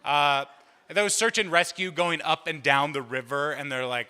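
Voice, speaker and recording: Bright-voiced comedian in a reverberant hall. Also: male voice, a little high, fairly even intonation, normal speed, clean tone. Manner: chatty, self-mocking, builds to loud bursts. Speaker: stand-up comedian. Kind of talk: stand-up storytelling. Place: church hall. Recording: live room with long reverb.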